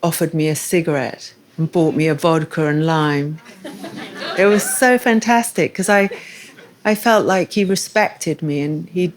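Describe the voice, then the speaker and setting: Low-voiced woman hosting an onstage conversation. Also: a little slow. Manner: candid, personal, thoughtful. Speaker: interviewer and show host. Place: live festival stage.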